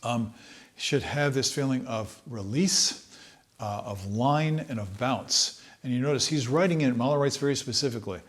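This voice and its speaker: Relaxed man teaching trumpet. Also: medium pitch, moderate pace. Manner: relaxed, thoughtful, sings phrases to demonstrate. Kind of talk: instructional talk.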